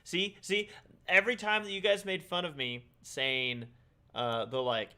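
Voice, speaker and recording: A man's voice: sits high, little pitch movement, unhurried, pushed and bright, clean tone. A man co-hosting a podcast in casual chat, rambling and laughing often. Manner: rambling, laughs often, eating while talking. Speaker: podcast co-host.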